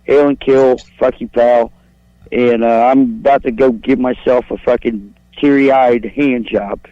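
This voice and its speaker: A man's voice: mid-range voice, fairly even intonation, unhurried. A man calling in to a radio talk show, telling a long profane story in a crude, rambling, boastful way. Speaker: caller. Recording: dull lo-fi phone line.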